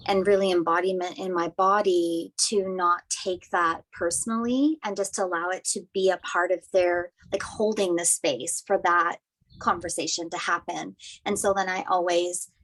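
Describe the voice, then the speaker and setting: A woman's voice: fairly low pitch, fairly even intonation, moderate pace, fairly bright tone, slight background noise, poor audio. A woman hosting a roundtable on a video call, speaking in an earnest, affirming way. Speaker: host. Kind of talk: casual group discussion.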